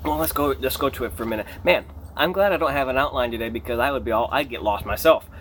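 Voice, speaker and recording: A man preaching an unscripted sermon, emphatic and animated, rising to near shouts on key points. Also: mid-range voice, quick pace, slight background noise. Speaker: pastor.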